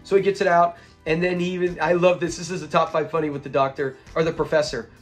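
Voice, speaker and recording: A young man casually breaking down a sitcom episode, excitable and often laughing as he retells scenes. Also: a little high, quick pace, soft background music. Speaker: show reviewer.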